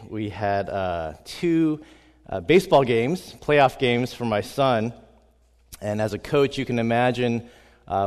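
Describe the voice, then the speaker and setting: A hoarse middle-aged man delivers a recorded sermon as a family pastor, earnest and full of fillers. His prayers lean on repeated calls to God. The voice is middle in pitch and carries a long hall reverb.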